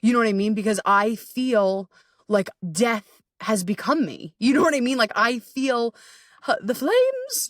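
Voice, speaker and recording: A woman hosting a podcast, talking candidly and casually, swearing freely and laughing at herself, sometimes jumping into high voices for her inner thoughts. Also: fairly bright tone, no room sound, clean studio sound, distant mic. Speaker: podcast host. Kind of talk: casual confessional monologue.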